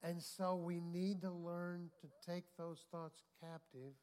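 A man's voice: high-pitched, flat delivery, takes it slowly, a little mellow. A male pastor preaching a sermon, telling a story and often asking the congregation for an amen. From United States. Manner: storytelling, acting out quotes, asking the congregation for amens.

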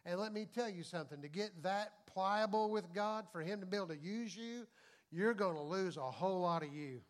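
A pastor with a high voice preaches a sermon at a brisk pace, folksy and conversational. He drops into soft, confiding talk and then rises to loud preaching.

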